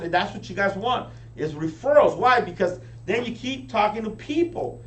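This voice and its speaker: A man giving a high-energy motivational training talk to a live audience, often checking in with them. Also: moderate pace. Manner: energetic, keeps asking the crowd "right?". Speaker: business team leader training recruits. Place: meeting room with an audience. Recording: echoey room, distant mic, faint hum.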